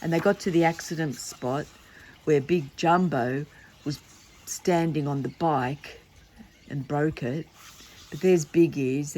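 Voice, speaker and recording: A woman's voice: low-pitched, darkish tone, breathy edge. An older woman reading a children's book aloud, chatty and playful with asides to the listener. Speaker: storyteller.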